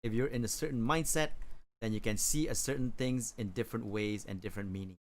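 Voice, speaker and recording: Guy on an art stream, mid pitch, rambly chat with lots of uhs and little laughs. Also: fast. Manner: rambling, hesitant, chuckling, many fillers. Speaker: livestreamer drawing on stream. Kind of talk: casual chat while drawing.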